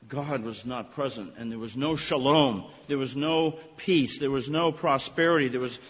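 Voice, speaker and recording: Man, husky voice, earnest emphatic sermon, long church reverb, muffled lo-fi recording. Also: on the high side, fairly bright tone. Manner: earnest, emphatic preaching with rising stresses. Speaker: preacher.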